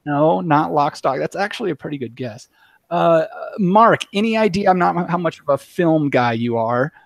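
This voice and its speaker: A male podcast host with a slightly high voice talks in a chatty, loose way and scatters "uh"s through his lines. The recording is dry and close, with almost no room sound. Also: lively intonation, normal speed, gravelly, dry recording. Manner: chatty, with many filler "uh"s. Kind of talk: casual podcast hosting.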